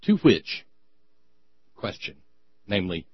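Sarcastic male host of a satire segment; husky voice, close dry mic. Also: lowish voice, normal speed, no room sound, muffled recording. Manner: sarcastic, mocking, stumbling restarts. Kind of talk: satirical comedy monologue.

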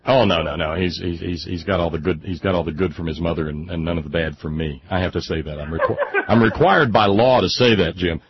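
A man's voice: deep voice, a little fast, hardly any pauses, dull audio, a little hiss or hum. A man hosting a radio call-in show, chatting casually and joking reassuringly with a caller. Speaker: radio talk show host.

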